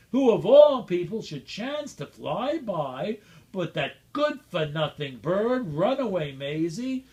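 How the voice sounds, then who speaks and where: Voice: medium pitch, darkish tone. A reader at a school event reading a rhyming picture book aloud with dramatic, rhythmic expression.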